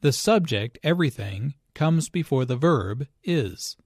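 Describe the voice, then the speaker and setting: A man narrating an English lesson, explaining phrases slowly and deliberately, stressing key words. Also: medium pitch, animated, darkish tone, slightly rough, no echo, clean studio sound. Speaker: English teacher.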